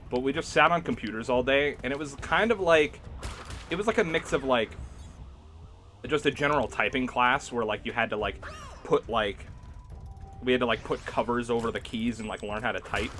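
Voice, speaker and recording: A young man chatting on a game stream, loose and rambling, laughing often and leaning on filler words. His voice is bright and forceful at a middling pitch. Quiet music plays in the background. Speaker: gaming streamer. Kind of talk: casual livestream chat while gaming.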